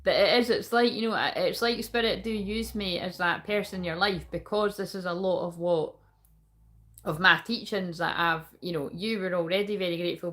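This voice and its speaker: A woman's voice: fairly low pitch, fairly bright tone. A woman giving a livestreamed tarot reading, chatting casually with her viewers and swearing freely. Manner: talks to viewers and chat while reading cards. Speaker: tarot reader.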